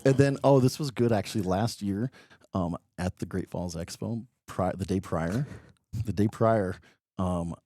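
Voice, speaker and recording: Joking man with a low mellow voice. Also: measured pace, dry recording, clean studio sound. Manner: joking storyteller, many ums. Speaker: reptile expo guest. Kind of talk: casual podcast chat.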